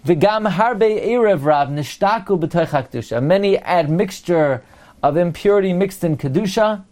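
A man, his carrying a lilt, gives a Torah class in a fairly high voice. He poses one question after another and slows down to read each verse. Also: expressive, a little mellow. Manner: asks rhetorical questions, quotes Hebrew verses slowly. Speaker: rabbi teaching Torah.

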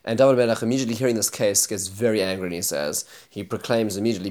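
A man's voice: on the low side, rapid-fire, few pauses, a little mellow. A man teaching a Bible chapter, retelling the story earnestly and explaining it.

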